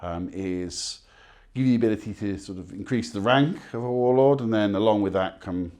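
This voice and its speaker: A man answering rapid questions about his work as a game developer, with a fairly low voice. He sounds relaxed and easygoing, filling pauses with ums and uhs as he thinks. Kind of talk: casual rapid-fire Q&A.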